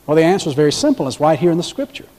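A male pastor delivers a sermon in a somewhat high-pitched voice. He leans loudly into emphatic points, then slows and drops his voice low. The sound carries a long reverb, as if in a large hall. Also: big pitch swings. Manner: dramatic swings between loud emphasis and hushed, slow delivery.

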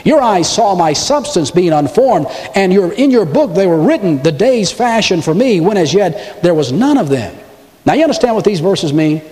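Animated preacher man in a reverberant hall. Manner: animated preaching with big pitch swings and dramatic pauses. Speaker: pastor. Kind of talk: sermon.

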